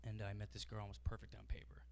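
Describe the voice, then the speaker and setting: A male stand-up comic doing a set with a deadpan delivery. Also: lowish voice, racing, gravelly.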